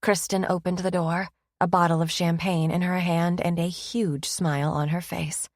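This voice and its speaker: A woman narrating a romance audiobook in first person, with a wry, expressive manner, close to the mic. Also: fairly low pitch, normal speed, no room sound.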